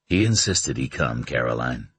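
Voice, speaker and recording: A man reading an audiobook, voicing a weary, protective man who speaks softly. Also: very deep voice, animated, normal speed, slightly rough, no room sound, voice pushed down, full character voice. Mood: subdued. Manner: soft-spoken. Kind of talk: audiobook character voice.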